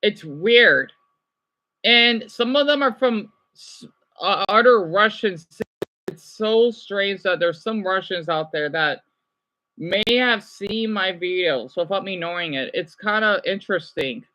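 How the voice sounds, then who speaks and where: Young guy, bright tone, rambly livestream chat, reads comments aloud. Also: sits high, unhurried, lo-fi sound. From United States.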